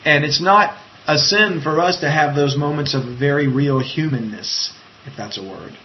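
A man preaching informally to an online group, reading viewers' comments and talking in a halting, conversational way. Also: on the high side, dull audio, slight background noise. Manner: conversational, halting, with many fillers and restarts. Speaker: preacher leading an online Bible study. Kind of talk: informal live-streamed Bible teaching.

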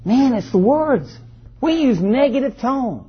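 A man's voice: high-pitched, expressive, unhurried, breathy edge, muffled recording. A pastor preaching a sermon to his congregation, reading scripture and calling for responses from the listeners. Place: church service.

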